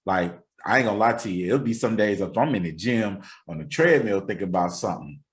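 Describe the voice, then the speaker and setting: Low-voiced man, earnest podcast host. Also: animated, fairly quick. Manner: earnest, emphatic, repeats phrases for stress. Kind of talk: casual podcast chat.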